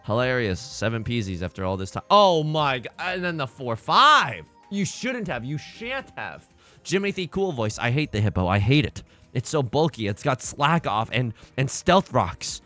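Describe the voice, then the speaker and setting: A young man hosts his own gameplay commentary, his bright voice swinging widely in pitch. He talks in a sarcastic, self-mocking way and breaks into theatrical outbursts. Faint game music plays behind him. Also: big pitch swings, moderate pace, hardly any pauses. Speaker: let's play host.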